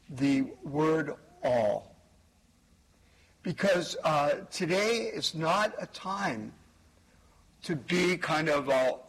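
A man, a priest, preaching a homily at Mass in a church, slow and measured, stressing key words. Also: fairly high pitch, a bit bright, a little hiss or hum, low-quality recording.

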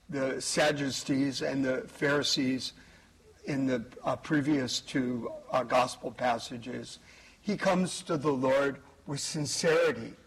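A man preaching a homily at Mass as the priest, slowly and with careful emphasis. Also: on the high side, a bit bright, husky, poor audio. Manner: slow, measured preaching with pauses and emphasis.

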